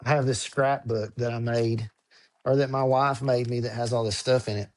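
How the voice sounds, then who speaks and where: A man speaking as a podcast guest in casual interview chat, earnest and halting, often repeating words as he searches for how to put things. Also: mid-range voice, fairly even intonation.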